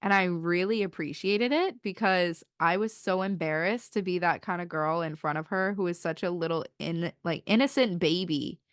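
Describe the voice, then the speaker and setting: A woman's voice: lowish voice, moderate pace, hardly any pauses, smooth, no echo. Young woman, 20s, podcast co-host, casual storytelling, chatty with lots of "like", dry close sound. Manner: chatty, many "like" fillers, acts out quotes.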